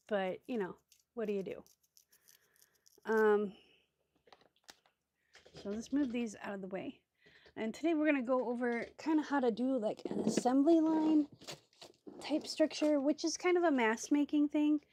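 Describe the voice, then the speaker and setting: A woman's voice: high voice, unhurried, pauses often, warm tone, slight background noise. A woman hosting a crafting video, chatting casually and thinking aloud with many ums and asides as she sorts supplies. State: hiccups. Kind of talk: casual crafting tutorial chat.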